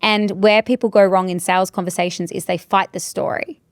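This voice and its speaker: A woman hosts a relaxed interview, speaking with earnest emphasis and circling back to her key phrases. Her voice is smooth and resonant at a middle pitch. The sound is dry and close, with no room echo. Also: a little fast. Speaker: podcast host and sales coach. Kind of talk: casual conversational interview.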